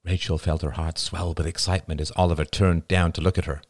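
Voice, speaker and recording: A man narrating a novel as an audiobook, in an expressive storytelling manner. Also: sits low, fast, dry recording.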